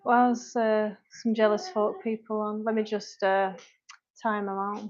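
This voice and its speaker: A woman's voice: mid-range voice, level tone, unhurried, a little mellow. A British woman in her thirties, a fitness coach chatting casually on a livestream at home, reading viewer comments aloud and breaking off to tend her kids. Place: home kitchen. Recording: dull lo-fi livestream audio.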